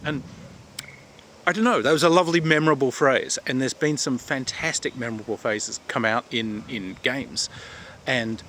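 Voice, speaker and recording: A man's voice: medium pitch, moderate pace, sharp tone, a little hiss or hum. A man hosting a casual chat about tabletop games, telling anecdotes and acting out his players' lines. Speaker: tabletop game host.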